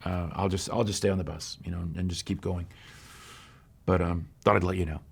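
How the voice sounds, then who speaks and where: Guy in a sermon doing a young runaway girl, sorry and halting, low gravelly voice. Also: fairly even intonation, heavily acted. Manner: halting, apologetic. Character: young runaway woman, homeless, remorseful, pleading.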